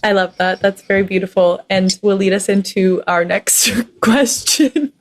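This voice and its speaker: A woman host who keeps the conversation moving, asking playful questions and laughing easily. Her voice sits in an ordinary middle pitch. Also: a little slow. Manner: upbeat, giggly, warm interviewer. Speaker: podcast co-host. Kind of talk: casual interview chat.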